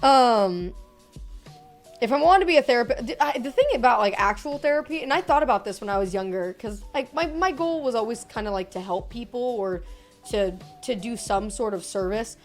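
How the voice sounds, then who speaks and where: A woman's voice: on the high side, expressive, normal speed, faint music behind. A young woman streaming from her room at home, chatting casually with viewers, reading chat aloud and joking between giggles.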